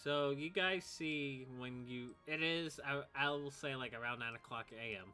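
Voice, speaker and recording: A man narrating as game master, relaxed and thinking aloud with frequent ums. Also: mid-range voice, moderate pace, faint music behind.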